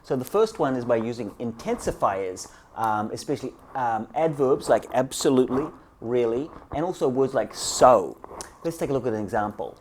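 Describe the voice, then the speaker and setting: A man teaching English grammar, walking through each point step by step. His pitch rises and falls with a lively, animated swing. He keeps turning to his students with a friendly "guys". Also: moderate pace, a little hiss or hum. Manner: explains step by step, often says "guys". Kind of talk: online grammar lesson.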